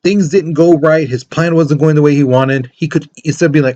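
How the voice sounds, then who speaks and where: A man's voice: fairly high pitch, a little fast, hardly any pauses, warm tone, lo-fi sound. A man teaching a history lesson in a casual, conversational way, full of asides and fillers. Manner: conversational, many fillers like "you know" and "things like that". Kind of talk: casual classroom lecture.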